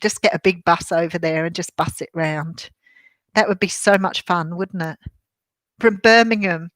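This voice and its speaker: A woman's voice: fairly low pitch, normal speed, a bit bright, dry recording, clean studio sound. An older Australian woman, a tarot reader, chatting casually on a live stream and answering viewer comments with a bubbly, laughing manner. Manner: chatty and bubbly, laughs often, many ums.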